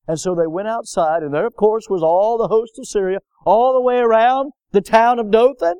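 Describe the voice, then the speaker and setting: Pastor guy preaching, high voice, dry close sound, gets loud on the big points. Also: moderate pace, hardly any pauses, smooth, no room sound. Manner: preaching with emphatic swells and rhetorical questions. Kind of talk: sermon.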